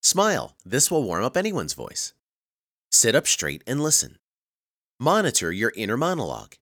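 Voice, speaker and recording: A man giving scripted narration for a communication skills course, reading in an even, measured way and stressing key words. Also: medium pitch, dry recording, studio quality.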